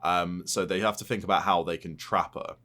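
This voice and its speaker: Low-voiced man rambling through a film recap. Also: fairly even intonation, fairly quick, pushed and bright. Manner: rambling plot recap, loose and profane. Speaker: podcast co-host. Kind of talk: casual film chat.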